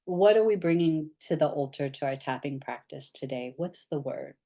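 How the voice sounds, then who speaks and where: A woman with a low, grounded voice leads a somatic therapy session. She talks candidly and gently, often dropping soft and quiet as she guides the group. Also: animated, normal speed.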